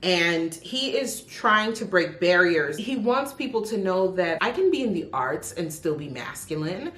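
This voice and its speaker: A woman's voice: on the low side, big pitch swings, a bit bright. A woman from Jamaica with a Jamaican accent, reviewing books in a chatty, emphatic way. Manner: chatty and emphatic, with drawn-out stresses. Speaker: book vlogger. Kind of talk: casual book review. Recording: echoey room.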